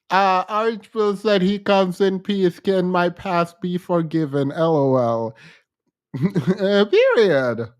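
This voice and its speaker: A woman's voice: lowish voice, a little mellow. A woman from Jamaica with a Jamaican accent, hosting a reaction commentary and pointedly picking apart a played clip. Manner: blunt and pointed, quick to laugh. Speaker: commentary host.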